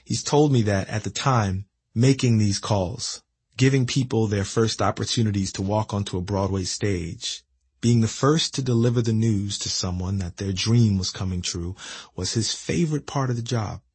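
A man in his thirties from Philadelphia reads his memoir aloud in a reflective, measured way. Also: fairly low pitch, darkish tone, breathy edge, no echo. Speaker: narrator reading his memoir. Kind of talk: audiobook memoir narration.

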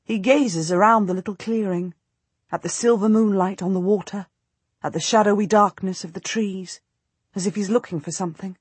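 A woman narrating a historical novel in the first person, with measured, expressive storytelling. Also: medium pitch, slightly rough, no room sound. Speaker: audiobook narrator.

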